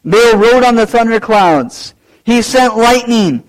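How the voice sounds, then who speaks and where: A male pastor preaching a sermon, swinging between loud, raised lines and low, quiet asides. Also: lively intonation, takes it slowly, poor audio.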